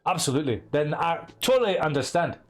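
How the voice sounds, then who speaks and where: A man's voice: a little high, very animated, quick pace. Profane man in jokey put-on Scottish brogue. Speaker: streamer. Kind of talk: casual gameplay commentary.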